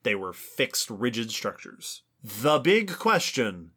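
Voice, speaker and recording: A man co-hosting an educational podcast, explaining in an enthusiastic, lively way. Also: mid-range voice, slow pace, husky. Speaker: podcast co-host. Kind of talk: educational casual chat.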